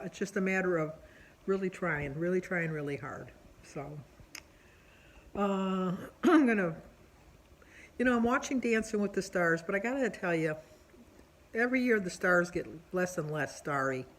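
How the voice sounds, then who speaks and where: A woman's voice: fairly low pitch, slight background noise, low-quality recording. Chatty woman vlogging at home. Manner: chatty, rambling, with many fillers. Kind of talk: casual diary vlog.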